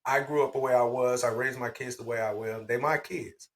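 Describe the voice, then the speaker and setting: A man co-hosting a podcast in casual chat, blunt and profane, telling animated stories. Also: medium pitch, a little fast, a little hiss or hum. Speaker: podcast co-host.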